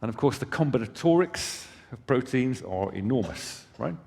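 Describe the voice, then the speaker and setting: This company presenter is a man with a medium-pitched, gravelly, somewhat dark voice and lively intonation, speaking at a moderate pace. He presents at a conference from the hall stage, explaining conversationally with off-hand remarks to listeners. A long hall reverb colors the sound.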